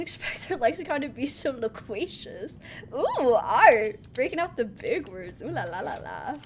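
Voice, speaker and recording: A woman's voice: high voice, a little hiss or hum. A woman streaming a video game, chatting casually and playfully with her chat and laughing often. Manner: chatty, giggly, playful, reads chat aloud. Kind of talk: casual live-stream chat while gaming.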